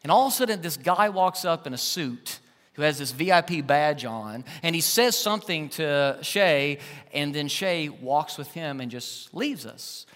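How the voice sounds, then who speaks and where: Male preacher, high and bright, emphatic storyteller, church-hall echo. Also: unhurried. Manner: animated, emphatic storyteller who swings between loud and hushed. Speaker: pastor. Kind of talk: sermon with personal storytelling. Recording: long church-hall reverb.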